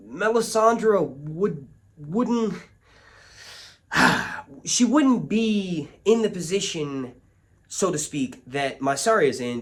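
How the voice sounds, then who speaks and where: Man, solo video reviewer, casual commentary, lively swinging pitch, fairly high voice, rambling with restarts. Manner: rambling, restarts and tangents, animated.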